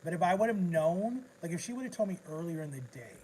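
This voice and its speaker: A man with a slightly high voice rambles through an emotional personal story on a casual livestream. He restarts his sentences often, talking straight into his phone. There is faint noise behind him. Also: expressive, fast talker, warm tone, low-quality recording. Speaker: vlogger.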